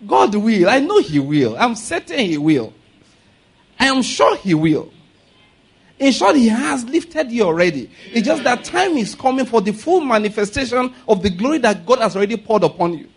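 A man's voice: very high-pitched, very animated, normal speed. A man preaching a sermon, joking and laughing between points and leading the congregation in spoken declarations. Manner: humorous, laughing asides, leads congregation in declarations. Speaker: pastor. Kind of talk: sermon with call-and-response.

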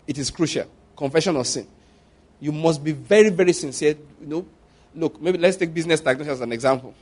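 A middle-aged man delivers a sermon in an easy, talky manner. His voice sits somewhat high for a man. He circles back and repeats key phrases to drive them home. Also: fast, a little mellow, slightly rough. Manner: conversational, repeats phrases for emphasis. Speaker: pastor.

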